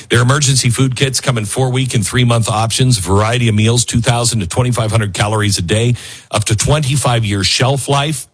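A man hosting a talk radio show, rambling and animated as he jumps from aside to aside and reads ads in his own words. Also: lowish voice, slightly rough. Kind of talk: talk radio monologue with host-read ads.

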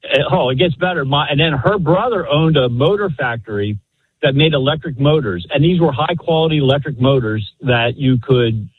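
This caller, a man phoning a talk radio show, tells a family story earnestly and rambles, leaning on lots of fillers. His voice is husky and medium-pitched at a moderate pace, with no echo, carried over a tinny phone connection.

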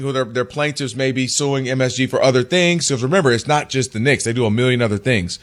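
A man co-hosting a casual sports talk show, recounting stories in a conversational, animated way. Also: mid-range voice. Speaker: co-host.

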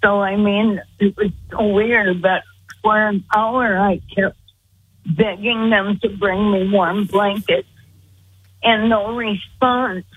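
A woman speaks slowly and earnestly, her voice very husky and breathy. She comes through a thin, tinny phone line with no room sound around her. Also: mid-range voice, fairly even intonation. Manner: slow, earnest storytelling. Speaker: guest. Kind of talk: telling a personal story. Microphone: phone call.

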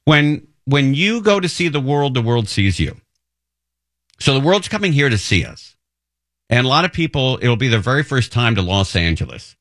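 A middle-aged man on talk radio, rambling through a story with animated, self-deprecating energy. His voice sits at an ordinary pitch. The studio sound is dry and close. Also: moderate pace, dry recording. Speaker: radio talk show host. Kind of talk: casual monologue storytelling. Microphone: studio microphone.

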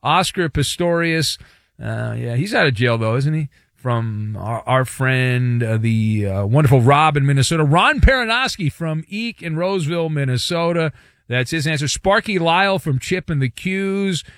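A man hosting sports talk radio, giving quick wry opinions and reading listener answers. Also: fairly high pitch, fairly bright tone, no room sound, studio quality. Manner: wry, sarcastic quips.

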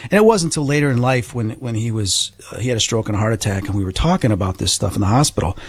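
A middle-aged man, a guest, recounting a personal experience in an animated, earnest way. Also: lowish voice, fast, slightly rough, dry recording. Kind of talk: personal storytelling.

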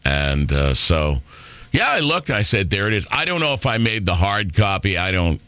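With a deep, forceful, bright voice, a very animated middle-aged talk radio host rambles at a moderate pace through an opinionated monologue, sounding brash and sarcastic. A studio microphone picks him up with no room sound.

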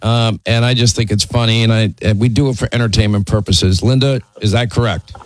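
A man's voice: on the low side, steady tone, a little fast, no echo, rough recording. A man hosting a call-in talk radio show, speaking in a firm, plainspoken way and often repeating himself to make a point.

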